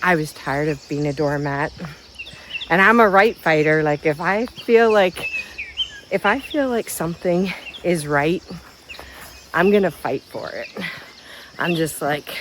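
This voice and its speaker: A woman in her fifties talks slowly and unhurriedly, frank and blunt, laughing between thoughts. She is outdoors by a river, with soft natural sound faintly behind her. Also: deep voice, lively intonation, noisy background. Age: 50s. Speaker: vlogger. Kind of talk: candid personal storytelling.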